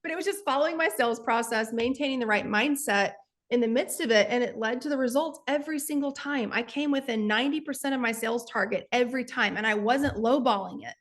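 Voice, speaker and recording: A woman's voice: a little high, fast talker. A woman, earnestly telling motivational stories as a guest and sales coach. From Texas. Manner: earnest, emphatic, addresses listeners as y'all. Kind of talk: motivational storytelling.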